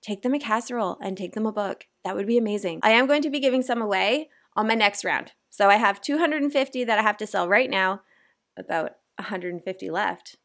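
A woman's voice: mid-range voice, a little fast, a bit bright. A woman from Canada, probably in her thirties, rambling casually through a vlog with lots of fillers and self-deprecating asides. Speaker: author vlogger.

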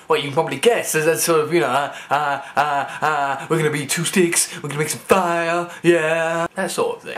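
Rambling, stammering jokester. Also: male voice, fairly high pitch, lively intonation, fairly quick, fairly bright tone. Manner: rambling and joking, with stammered restarts. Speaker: comedy vlogger. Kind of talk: rambling comic vlog.

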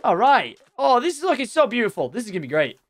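A man's voice: very high-pitched, huge pitch swings, fast, a little hiss or hum. A man giving casual, chatty gameplay commentary, talking straight to his viewers and teasing them playfully. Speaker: let's play gamer.

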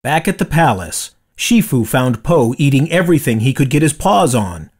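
A man reading a children's storybook aloud with expressive, dramatic storytelling. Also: mid-range voice, moderate pace, slightly rough. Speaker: storybook reader. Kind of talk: read-aloud storybook narration.

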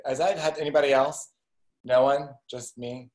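A man's voice: medium pitch, quick pace, darkish tone, rough recording. A man hosting an online talk show, chatting casually with jokes and self-deprecating asides. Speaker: podcast host. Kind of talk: casual chat.

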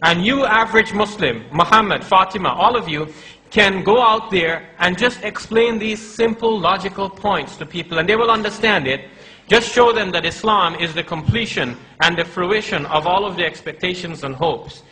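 Bright-voiced man giving a religious lecture. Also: high voice, moderate pace, low-quality recording. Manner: argumentative, acts out quoted dialogue; addresses audience as brothers. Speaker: Islamic preacher.

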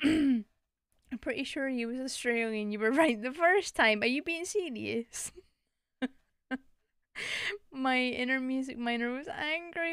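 A woman's voice: high voice, measured pace, long pauses, a bit bright, clean tone, no room sound, clean studio sound. A young woman casually commenting on a game stream, giggling and swearing as she reads cards aloud.

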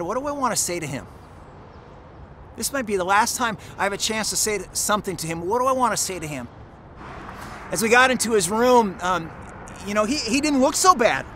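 High-voiced man telling a halting story. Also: pushed and bright, a little hiss or hum. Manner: earnest, halting storytelling with many restarts. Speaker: pastor. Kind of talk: personal story in a sermon.

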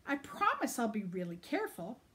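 A woman voicing an eager, hopeful young boy in a read-aloud picture book story, pleading and excited. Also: on the high side, a little fast, exaggerated voice.

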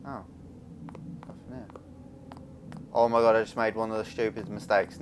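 A man's voice: fairly low pitch, flat delivery, moderate pace, long pauses, background noise. A young man, commentating nervously and swearing while playing a horror game from a small room. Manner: nervous, swearing, rambling, jumpy. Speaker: gaming youtuber. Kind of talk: casual let's play commentary.

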